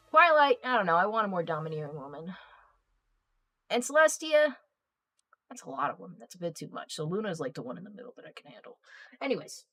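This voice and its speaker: A young adult woman streamer chatting casually and reading out viewer comments, rambling, excitable and quick to swear. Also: mid-range voice, no room sound. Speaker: live streamer.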